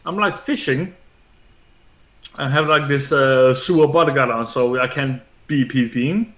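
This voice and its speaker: A man's voice: medium pitch, measured pace, a bit bright. A man telling a gaming story in casual chat, rambling and swearing, with lots of filler words. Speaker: gaming streamer. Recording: echoey room with faint game music.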